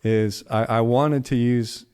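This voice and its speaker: A man's voice: medium pitch, fairly even intonation, slow pace, a little mellow, clean tone. A middle-aged man co-hosting a podcast, telling a story in a casual, rambling way with restarts and folksy asides. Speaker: podcast co-host.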